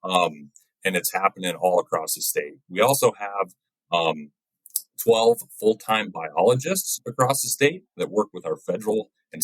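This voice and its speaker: A man's voice: sits low, fairly bright tone, breathy edge, no room sound, rough recording. A man who works as a wildlife biologist, a guest chatting casually in an interview and often ending his points with "right?".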